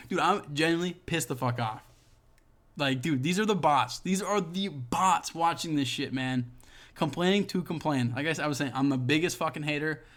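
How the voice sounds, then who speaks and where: A man reacting to online comments in a heated, profanity-laced rant. His voice sits a little high for a man, and it jumps into loud outbursts when he gets worked up. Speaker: podcast host.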